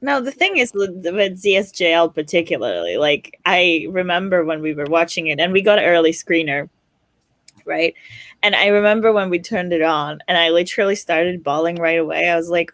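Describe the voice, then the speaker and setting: A woman's voice: fairly low pitch, lively intonation, a little fast, no echo. A woman co-hosting a casual stream chat, earnest and reflective. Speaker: stream co-host.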